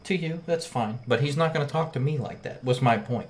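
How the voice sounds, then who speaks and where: A man's voice: medium pitch, brisk. A man in casual chat, blunt and heated, swearing often as he tells his side of a story.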